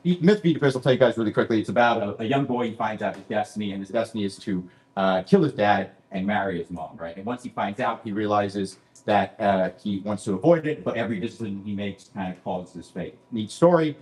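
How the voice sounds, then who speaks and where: A man's voice: on the low side, fast talker, a little mellow, echoey room. A man doing a stand-up set in a comedy club, self-deprecating and rambling into asides, with a Canadian accent.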